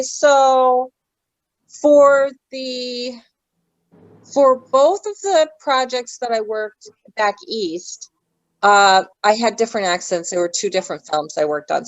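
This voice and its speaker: A talkative woman guest speaks in a relaxed interview, drifting from one point to the next. Her voice sits at a middle pitch. It is recorded close and dry, with no room sound. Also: no echo, dull audio. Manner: chatty and digressive, loses her thread. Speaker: actress guest. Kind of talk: casual interview chat.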